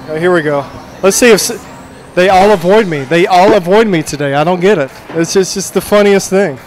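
A man's voice: high-pitched, a little fast. A man roaming a ship asking people questions, jokey and playful, teasing the crew. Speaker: shipboard interviewer. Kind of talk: roving vox-pop interviews.

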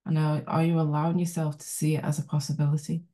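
Woman hosting a book club, mellow flat delivery, asks the group questions to encourage them. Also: deep voice, quick pace. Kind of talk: motivational talk.

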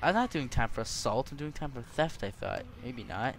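A man's voice: mid-range voice, expressive, moderate pace, a little hiss or hum. A young man doing gameplay commentary, cursing and trash-talking the characters on screen. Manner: profane, trash-talking, yelling at game characters. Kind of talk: let's play commentary.

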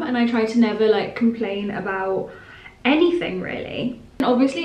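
A young woman vlogging at home, chatting to camera in a gushing way with many "like"s. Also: on the high side. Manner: chatty, gushing, says "like" a lot. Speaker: influencer vlogger. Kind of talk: casual vlog chat to camera. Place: bedroom at home, indoors. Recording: echoey room.

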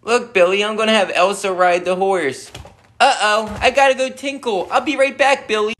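A man's voice: high voice, steady tone, moderate pace, fairly bright tone. A man voicing a spoiled, bratty girl pop star who whines, demands, and throws screaming tantrums in a comedy sketch. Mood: whiny, bratty. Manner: whiny, demanding, bursts into shrieking tantrums.

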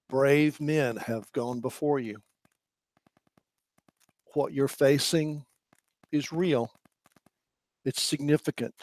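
A man's voice: medium pitch, takes it slowly, pauses often, darkish tone, dry recording. A man preaching a sermon, speaking earnestly and building to impassioned emphasis.

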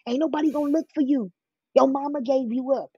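A woman's voice: mid-range voice, flat delivery, fast talker, dark tone, breathy edge, no room sound, muffled recording, lightly acted. A woman voicing a manipulative male pimp as she retells his words in a pressing, persuasive way. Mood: coaxing, manipulative. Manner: pressing, persuasive quoted speech.

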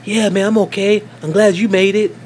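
A man's voice: sits high, fairly even intonation, normal speed, darkish tone, a little hiss or hum, natural voice. A man voicing a goofy, playful young male turtle in a homemade stop-motion film. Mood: excited.

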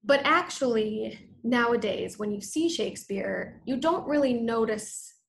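A woman's voice: fairly high pitch, lively intonation, a little slow, vocal fry, slight background noise, low-quality recording. A woman giving an online lecture as a community program coordinator, talking in a chatty, informal way with frequent fillers and restarts.

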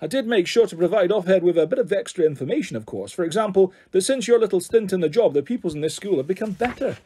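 A man's voice: high-pitched, lively intonation, quick pace, dark tone, husky. A man voicing a kindly, earnest male head teacher who lectures fondly, in a storybook reading.

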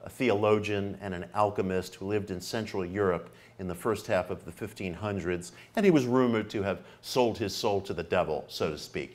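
A man giving a public lecture in an earnest way, repeating key phrases for emphasis, with occasional hesitant fillers. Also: sits low. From New York, United States.

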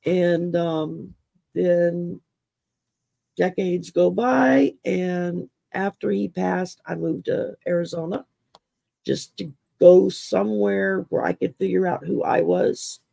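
Gravelly, husky woman telling stories. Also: lowish voice, steady tone, slow, mellow, no echo. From Texas. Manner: chatty, laughs often while telling stories. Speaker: podcast host. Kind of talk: casual interview storytelling.

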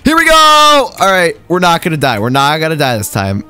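Excitable young man, high voice. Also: fast talker. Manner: excitable, yelps and laughs at mishaps. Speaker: gaming YouTuber. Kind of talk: excited gameplay commentary. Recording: faint game music underneath.

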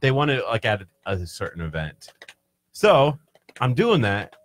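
A man's voice: mid-range voice, very animated, measured pace. A man co-hosting a radio show, answering with short, laconic and somewhat defensive remarks in casual banter. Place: radio studio.

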